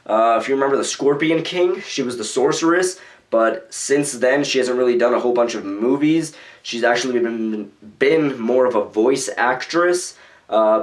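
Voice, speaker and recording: Rambling young man vlogging casually. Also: mid-range voice. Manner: rambling, loose, frequent fillers. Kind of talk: casual vlog commentary.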